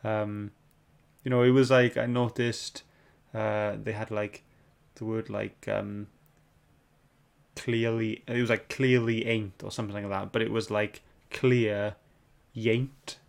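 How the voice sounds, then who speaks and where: A man hosting a casual book club podcast, reading out viewer questions in a relaxed way. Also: fairly low pitch, measured pace, gravelly.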